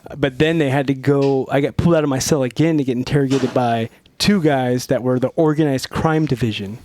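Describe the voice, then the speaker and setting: A middle-aged man from Northern California, a podcast guest telling stories in a casual, profane, animated way and acting out the quotes. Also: mid-range voice, fairly quick. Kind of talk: casual storytelling.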